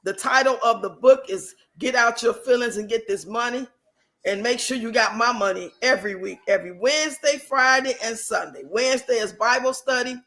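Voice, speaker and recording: A woman's voice: fairly high pitch, normal speed, fairly bright tone. A woman mocking a greedy woman preacher who pushes her own book and demands money from the congregation. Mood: preachy.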